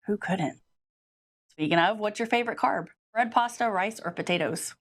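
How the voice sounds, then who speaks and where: A woman hosting a quick-fire interview, cheerful and giggly. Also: medium pitch.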